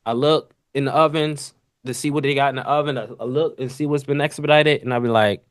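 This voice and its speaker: A podcast host talking off the cuff, a man with a mid-range voice that neither booms nor squeaks. He tells kitchen stories in heavy slang and keeps jumping into sound effects and quick impressions of coworkers. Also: fairly even intonation. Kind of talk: casual storytelling monologue.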